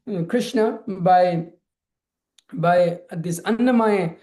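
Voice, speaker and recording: A man's voice: high voice, slow pace, mellow. A man speaking casually in a scripture class, rambling with many restarts. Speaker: lecturer on scripture. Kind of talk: informal scripture class talk.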